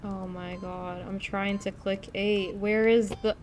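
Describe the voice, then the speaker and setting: A young woman chatting excitably with her viewers as she streams a game, in a plainly middle-pitched voice. A faint hum sits behind her. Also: slow. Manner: chatty, excitable, talks to chat. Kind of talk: casual live-stream chat.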